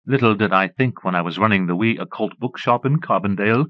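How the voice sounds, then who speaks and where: A man's voice: fairly low pitch, quick pace, dry recording, natural voice. A man voicing a gushing, pompous self-styled duchess in an audiobook, with a simpering, scornful manner, on a dull old cassette recording. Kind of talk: audiobook character voice.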